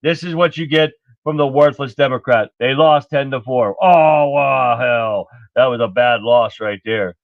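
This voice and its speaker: A man's voice: medium pitch, fairly even intonation, normal speed, no room sound. A male political livestream host talking in a blunt, indignant, rambling way and swearing freely. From United States. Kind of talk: casual political commentary. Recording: dull lo-fi stream audio.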